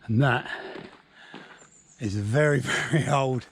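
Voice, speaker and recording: Walking guide, middle-aged, relaxed trail directions with deadpan jokes, outdoors. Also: male voice, mid-range voice, takes it slowly, creaky, a little hiss or hum. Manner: gives route directions, dry jokes; talking while hiking. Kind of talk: casual walking vlog narration. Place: outdoors on woodland lanes and hills.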